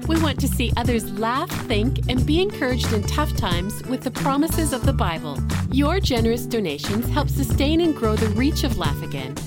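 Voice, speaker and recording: A woman's voice: a little high, very animated, moderate pace, few pauses. A woman announcer reading a scripted donation appeal for a radio show in an earnest way. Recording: studio voice over loud music.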